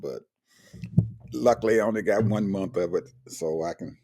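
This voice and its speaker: A man's voice: low-pitched, normal speed, mellow. An older man, chatting casually and chuckling often, repeating himself as he talks. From Georgia, USA. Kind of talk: casual chat.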